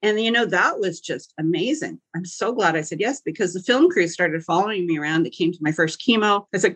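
A woman, a podcast guest who tells her story in a lively, jokey way and acts out the voices of the people in it. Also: fairly low pitch, a little fast, hardly any pauses, husky, rough recording. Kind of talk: animated storytelling chat.

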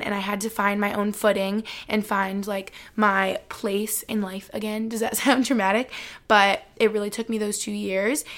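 A young woman in her twenties talks straight to her viewers in a relaxed storytime vlog. Her speech is chatty and loose, scattered with "like". Her pitch sits in an ordinary middle range for a woman. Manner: chatty, heavy use of "like", speaks straight to viewers. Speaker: vlogger. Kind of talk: casual storytime chat to viewers.

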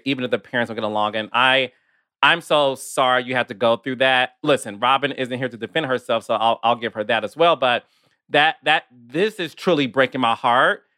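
A man hosting a podcast in casual chat, animated and emotional, often talking fast. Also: mid-range voice, smooth, no room sound, studio quality. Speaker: podcast host.

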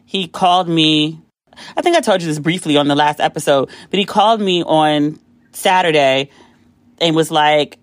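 An American woman hosts a podcast and tells a rambling, animated story straight to the mic. She swears freely and slips into other people's voices when she quotes them. The sound is dry and close, with no room around her. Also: low voice, normal speed, dry recording. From United States. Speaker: podcast host. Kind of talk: casual storytelling monologue.

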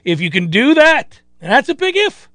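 A man's voice: very high-pitched, sing-song, moderate pace, fairly bright tone, dry recording. A man hosting a sports radio show in casual, rambling chat, sometimes slipping into playful mock voices.

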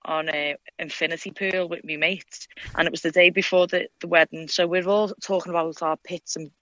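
A woman's voice: fairly low pitch, fairly even intonation, a little fast, fairly bright tone, muffled recording. A young woman with a Scouse accent, a fighter, chatting freely in an interview and swearing often. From Liverpool, England. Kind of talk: casual interview.

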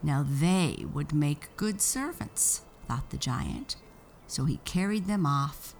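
Slow, low-voiced woman reading a storybook. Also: lively intonation, creaky, a little mellow, slight background noise.

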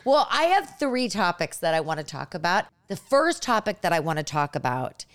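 A woman's voice: lowish voice, big pitch swings, normal speed. A woman hosting a podcast in casual chat, eager and rambling, with many fillers and restarts. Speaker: podcast host.

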